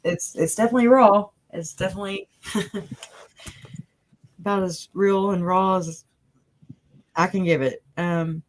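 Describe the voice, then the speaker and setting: A woman's voice: mid-range voice, steady tone, takes it slowly, pauses often, low-quality recording. A woman speaking as an interview guest on a video call, rambling and earnest, with many fillers and restarts. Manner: emotional, earnest. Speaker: interview guest, family member of the victims. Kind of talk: casual conversational interview.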